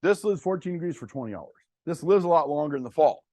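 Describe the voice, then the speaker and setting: A man's voice: a little high, expressive, fast talker, mellow, no room sound. A middle-aged man, giving a plainspoken, folksy workshop talk to farmers about cover crops. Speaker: cover crop agronomist.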